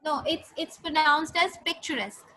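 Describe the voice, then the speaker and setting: A woman's voice: high voice, measured pace, poor audio. A woman teacher giving a grammar lesson to a class, patiently repeating sentences and spelling words out letter by letter. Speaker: English teacher.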